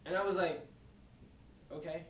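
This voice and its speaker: A man's voice: fairly high pitch, fairly even intonation, a little slow, natural voice. A young man playing a chatty teen boy in a staged reading monologue, telling his story in a rambling, casual way. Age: young adult. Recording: echoey stage filmed from far off.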